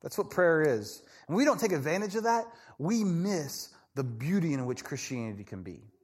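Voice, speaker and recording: Animated, chatty preacher, a man. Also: a little high, normal speed, breathy edge. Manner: conversational, animated, keeps asking "right?"; acts out people in quoted voices. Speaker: pastor. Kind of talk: sermon.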